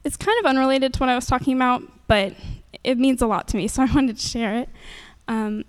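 A woman's voice: sits high, brisk, smooth. A young woman giving a nervous, earnest faith testimony into a handheld microphone at a church gathering, with many fillers.

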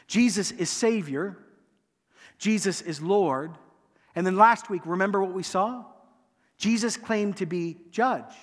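A man preaching a sermon as pastor, acting out quoted lines with emphasis and letting phrase ends fall quiet. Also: sits high, measured pace. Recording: long hall reverb.

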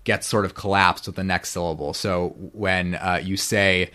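A man's voice: low-pitched, fairly even intonation, moderate pace, pushed and bright, smooth. A man guest on a podcast, explaining biblical Hebrew in a teacherly way and often checking in with "right?". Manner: precise about Hebrew pronunciation. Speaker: podcast guest, Bible scholar.

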